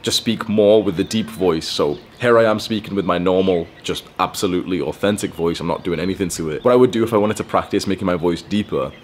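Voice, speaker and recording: A man's voice: low voice, quick pace, few pauses, a little hiss or hum. A young man giving blunt, profane self-improvement advice in a casual, rambling monologue. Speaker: self-improvement video host.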